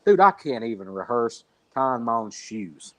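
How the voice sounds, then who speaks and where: A man's voice: medium pitch, sing-song, unhurried, pushed and bright, dry recording. A man telling a long story as a podcast guest over a remote call, talking bluntly with a rambling flow and the odd swear word. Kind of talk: casual storytelling interview.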